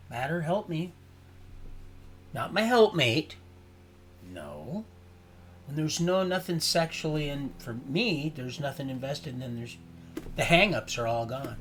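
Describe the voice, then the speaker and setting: A man in casual livestream talk, meandering and folksy, with a voice of ordinary pitch. He mixes faith talk with rough swearing and jumps from near-whispers to loud bursts. A faint hiss of noise sits behind him. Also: lively intonation, measured pace. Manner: swings from quiet asides to sudden loud outbursts. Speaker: livestream host.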